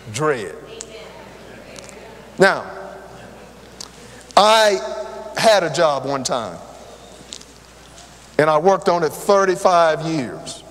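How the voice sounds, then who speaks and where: An older man preaching a sermon, telling personal stories and talking straight to the congregation. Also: on the high side. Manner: lively, conversational, talks straight to the crowd. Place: church hall. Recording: long hall reverb.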